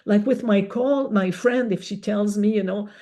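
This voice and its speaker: A woman giving an educational webinar talk, explaining step by step in a measured way. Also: medium pitch, warm tone. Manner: slow, measured explaining with rhetorical examples. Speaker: webinar speaker.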